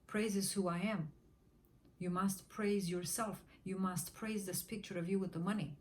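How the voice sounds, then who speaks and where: A woman's voice: mid-range voice, steady tone, moderate pace, darkish tone. Woman teaching manifestation with chanted repetition. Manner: rhythmic repetition, drops to a whisper during affirmations. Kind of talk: motivational teaching talk.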